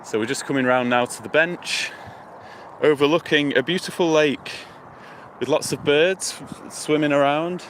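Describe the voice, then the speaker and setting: A man from the United Kingdom livestreaming on his phone while walking outdoors by a lake, chatting to viewers in a relaxed, rambling way. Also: a little high, normal speed. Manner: relaxed rambling, thinking aloud, talks to viewers. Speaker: live-stream vlogger. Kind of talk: casual walking livestream chat. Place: outdoors by a lake and river near a motorway. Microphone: phone held while walking. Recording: outdoor traffic hum behind.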